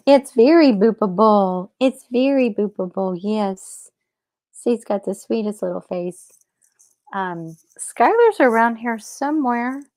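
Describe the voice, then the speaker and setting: A chatty woman hosts a live question-and-answer show in a loose, rambling way, stopping to correct herself mid-sentence. Her voice sits at a middle pitch for a woman. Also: dark tone. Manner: rises into high baby talk with her cat. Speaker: host of a cat health show. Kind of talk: casual live Q&A chat.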